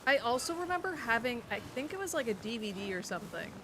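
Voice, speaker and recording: This woman in her twenties talks fast in a fairly high, sing-song voice as she streams a game, noisy game audio behind her. Her casual chat wanders nostalgically, often trailing into musing.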